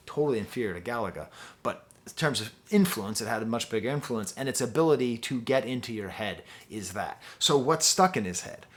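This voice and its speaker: Male music reviewer, excited and rambling, average pitch. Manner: enthusiastic, rambling, many fillers. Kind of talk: album review monologue.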